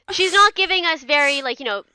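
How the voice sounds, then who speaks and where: A woman's voice: very high voice, sharp tone, no room sound. A woman co-hosting a storytelling podcast, chatting casually, bubbly and laughing often. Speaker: podcast co-host. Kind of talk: casual chat.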